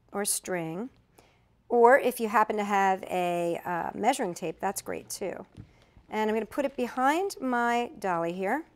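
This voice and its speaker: A middle-aged woman giving a chatty step-by-step craft tutorial, correcting herself as she demonstrates. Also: medium pitch. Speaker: craft instructor.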